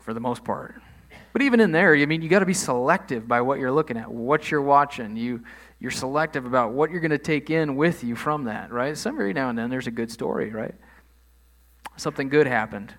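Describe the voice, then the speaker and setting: A man's voice: mid-range voice, a little fast, a bit bright. A man preaching a sermon in a conversational way, leaning hard on key phrases. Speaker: pastor.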